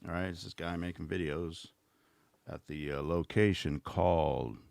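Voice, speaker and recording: A man's voice: low voice, steady tone, measured pace, gravelly, darkish tone, no room sound. A middle-aged man hosting a casual livestream, talking in a sarcastic, rambling, mocking way. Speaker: host.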